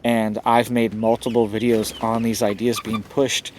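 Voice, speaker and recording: A man's voice: on the low side, flat delivery, measured pace, slight background noise. A man hosting a homesteading channel, talking urgently to camera and tagging lines with "right?", with chickens close by. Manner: urgent, repeats "right?" often. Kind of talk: casual direct-to-camera commentary. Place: home setup with chickens nearby. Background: chickens clucking.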